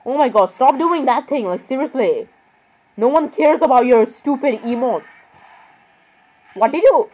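Rambling young woman with a higher voice. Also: expressive, unhurried, pauses often, mellow, rough recording. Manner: rambling, exasperated, keeps apologizing. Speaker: gaming vlogger. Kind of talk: casual gaming commentary.

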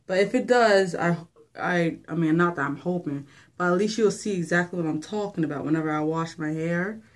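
A woman's voice: fairly low pitch, brisk. A young woman talking casually and rambling through a hair-washing vlog. She is filming herself with a handheld phone in a bathroom at home and is a little out of breath. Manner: chatty, rambling, filler-heavy. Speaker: hair vlogger. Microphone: phone held by hand.

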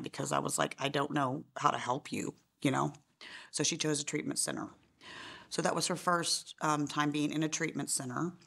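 A middle-aged woman telling the story of her daughter's death in a documentary interview, halting with many fillers. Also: deep voice, vocal fry, a bit bright. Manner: halting, many fillers, voice rising and breaking in grief. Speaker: bereaved mother interviewee.

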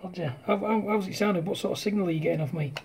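A man chatting casually on CB radio, speaking quietly close to the mic at home at night, using CB slang. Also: high voice, racing, creaky, a little hiss or hum. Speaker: CB radio operator. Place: home at night, partner asleep. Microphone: close to radio handset mic.

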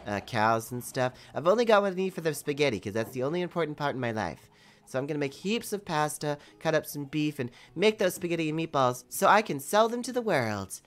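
Low-voiced, lively woman with a cold. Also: moderate pace. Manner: playful, excitable, rambling. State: has a cold. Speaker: video game player and channel host. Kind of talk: casual gameplay chat.

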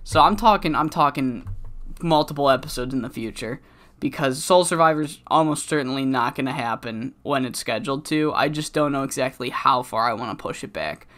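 A man's voice: medium pitch, brisk, a bit bright. A man commentating on his game in a rambling, profane casual style, his voice cracking from being sick. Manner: rambling, profane, many fillers. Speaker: let's-play commentator.

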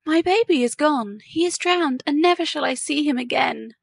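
A woman's voice: lively intonation, moderate pace, no room sound, studio quality, natural voice. Woman doing an emotional young mother. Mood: distraught. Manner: pleading, raised emotional pitch.

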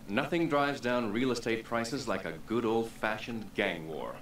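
An actor playing a cold, scheming wealthy businessman who calmly orders a gang hit in a smooth, calculating manner. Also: medium pitch, measured pace, distant mic, natural voice. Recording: roomy game audio from afar.

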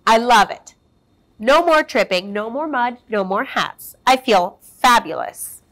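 A woman's voice: on the high side, animated, a little slow, a bit bright. A woman voicing a vain, dramatic female sheep in a children's storybook read-aloud, with a fussy, theatrical manner. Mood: delighted.

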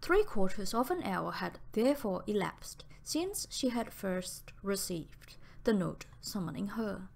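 A woman narrating an audiobook in a slow, deliberate reading style. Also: mid-range voice, sing-song, gravelly.

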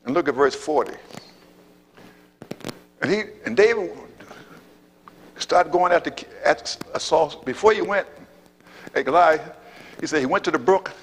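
A man's voice: a little high, lively intonation, unhurried, pauses often, a little hiss or hum. A man preaching a sermon as pastor, calling out amen and praise God and repeating his phrases for emphasis. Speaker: apostle and pastor. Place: church sanctuary. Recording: reverberant church hall.

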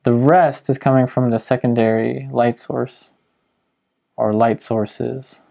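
Gravelly, mellow-voiced man teaching painting. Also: medium pitch, takes it slowly. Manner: calm step-by-step explaining with frequent ums. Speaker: painting instructor. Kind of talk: narrated painting demonstration.

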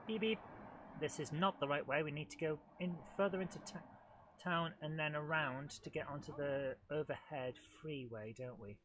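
A middle-aged man hosts a live let's-play for his retro gaming channel, chatting, talking to the game and making jokes at his own expense. His voice is a little high and a bit bright, with a steady tone at a moderate pace, plus a little hiss or hum.

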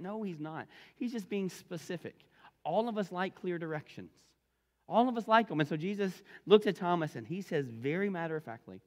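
A man preaching from the pulpit, his voice sitting a touch high for a man. He is lively and repeats key phrases to drive them home. A long hall reverb trails every line. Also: brisk. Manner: animated, repeats phrases for emphasis. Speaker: pastor. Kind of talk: sermon.

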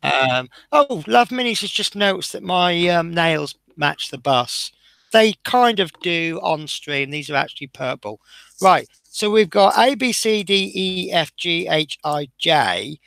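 A man's voice: high-pitched, lively intonation, measured pace, gravelly, a bit bright, dry recording. A man hosting a live model-building stream, chatting casually and self-deprecatingly as he talks through each step, sounding tired.

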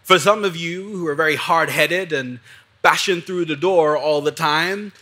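A male pastor preaching with a bright, forceful edge to his voice, pitched a little above most men. He is earnest and slows right down to draw out key words for emphasis. In prayer he drops to a soft, low hush. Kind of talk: sermon.

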